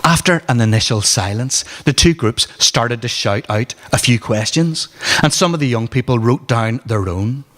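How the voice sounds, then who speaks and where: A man's voice: medium pitch, expressive, moderate pace, a bit bright. Northern Irish man reading in an echoey hall. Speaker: author reading his book. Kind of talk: live reading from a memoir. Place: arts centre hall at a book launch. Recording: reverberant hall.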